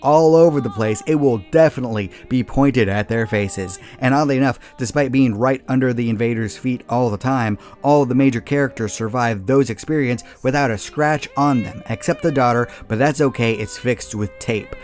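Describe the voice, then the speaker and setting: A man's voice: mid-range voice, moderate pace, few pauses, a little mellow, faint music behind. A man giving a scripted comedic movie review, talking in a sarcastic and exasperated way as he tears into a film.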